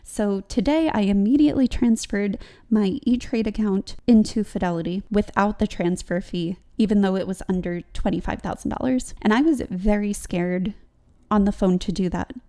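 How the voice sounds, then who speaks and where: A woman's voice: medium pitch, moderate pace, dark tone. A woman hosting a budgeting vlog, talking casually and rambling to her viewers with frequent "like"s and laughs. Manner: chatty, rambling, laughs often, fillers like "like". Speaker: budgeting channel host.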